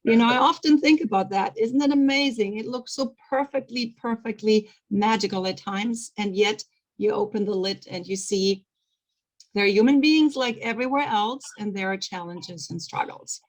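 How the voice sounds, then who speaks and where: A woman's voice: medium pitch, moderate pace, low-quality recording. A woman from Germany, hosting an interview in an enthusiastic, encouraging way. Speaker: interview host. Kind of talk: conversational interview.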